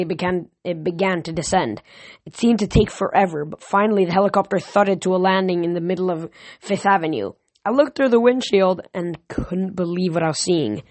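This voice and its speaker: A male amateur reader reads a novel chapter aloud at an even pace. He often stumbles, restarts and corrects himself. The close mic gives a dry, roomless sound. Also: high-pitched, dry recording. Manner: unpolished read with frequent restarts and self-corrections. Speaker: audiobook reader.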